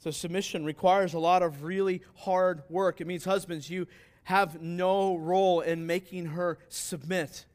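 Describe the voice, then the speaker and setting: Pastor guy preaching, high voice for a man, earnest, keeps asking questions then answering them. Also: steady tone, measured pace, darkish tone. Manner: earnest, emphatic, asks rhetorical questions. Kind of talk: sermon.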